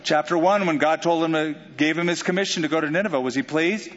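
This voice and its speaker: A man preaching a sermon in an animated way, joking and acting out quotes. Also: a little high, quick pace. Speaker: pastor. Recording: dull sound with long hall reverb.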